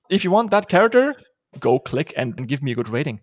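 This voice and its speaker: A man's voice: fairly high pitch, big pitch swings, quick pace, no echo, clean studio sound. A man hosting a podcast and talking about his own writing in a casual, joking way, swearing now and then. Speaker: podcast host and author.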